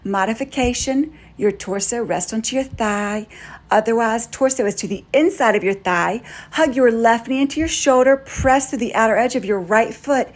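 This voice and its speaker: A woman yoga instructor giving calm, steady step-by-step cues through a guided class. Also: a little high, normal speed.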